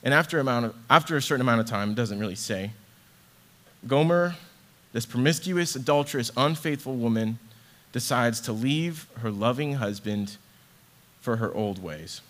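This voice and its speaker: A young man gives an earnest sermon in a relaxed, conversational way. His voice sits at an ordinary middle pitch, and he drops in easy fillers as he works through his thoughts. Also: moderate pace. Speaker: ministry associate director preaching.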